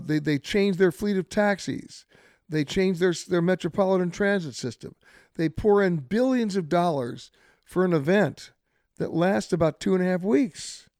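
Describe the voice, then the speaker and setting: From the hotel where his show airs, a radio host gives listeners straightforward, chatty and emphatic travel tips. The recording is dry and clean studio sound, and his slightly mellow voice sits high.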